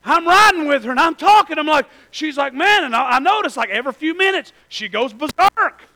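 A man, preaching a sermon in a church and telling a personal story that swings from hushed to shouting. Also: very high voice, lively intonation, fairly quick, rough recording. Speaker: pastor.

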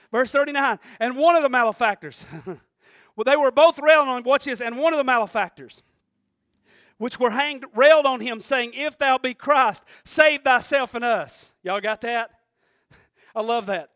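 A man preaching a sermon, who swings between shouting and quiet, intense passages and calls out to the congregation. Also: very high-pitched, moderate pace, no room sound, clean studio sound. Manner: preaches with call-and-response asides to the congregation. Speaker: pastor.

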